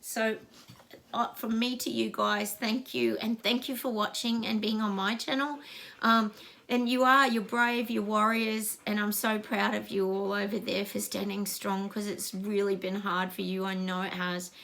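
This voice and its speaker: A middle-aged Australian psychic host speaks unhurriedly to her viewers in a mid-range, fairly bright voice, level in tone and marked by vocal fry. During this casual reading she gushes, speaks emphatically, and turns emotional.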